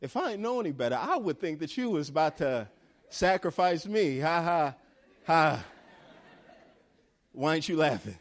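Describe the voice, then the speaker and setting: A man's voice: on the high side, big pitch swings, fairly quick. A man voicing young Isaac as a wary, joking son who talks in casual slang. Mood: joking uneasy.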